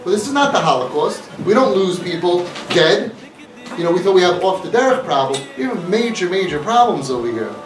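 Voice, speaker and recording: A man's voice: sits high, big pitch swings, a little fast. A man giving an impassioned talk to a live audience, mixing in Yiddish and Hebrew words. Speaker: speaker of a community organization. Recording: echoey room, mic from a distance.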